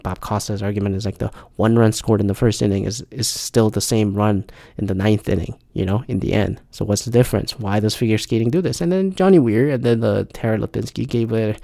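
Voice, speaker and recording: A man's voice: on the low side, creaky, warm tone, no echo, studio quality. A man hosting a podcast, ranting casually with heavy profanity and exasperated emphasis. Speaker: podcast host.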